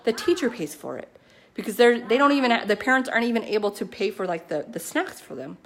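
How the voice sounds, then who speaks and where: Chatty, excitable woman giving a pep talk. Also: on the high side, fast. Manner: excited, chatty, heavy on "like" and "you know". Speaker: network marketing team leader. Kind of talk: casual motivational pep talk. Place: at home with her kids nearby.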